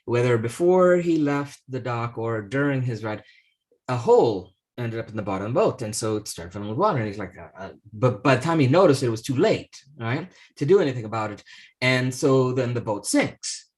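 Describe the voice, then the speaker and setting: A man's voice: mid-range voice, expressive. Guy co-hosting a chat show, rambling story, lots of um and restarts, does little voices. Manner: halting, many restarts and fillers, acts out the voices in his story. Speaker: podcast co-host. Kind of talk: casual conversational chat, telling a story.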